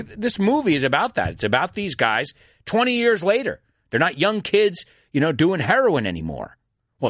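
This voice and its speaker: Male podcast teacher, animated and playful, lively pitch, dry close recording. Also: no echo. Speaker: language teacher and podcast host. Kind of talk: podcast lesson, explaining words.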